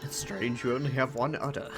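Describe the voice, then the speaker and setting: A chatty, playful streamer whose pitch swings widely as they talk. They chat casually over a game, with music playing clearly behind them. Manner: playful, chatty, laughs often. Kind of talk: casual chat while gaming. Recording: background music.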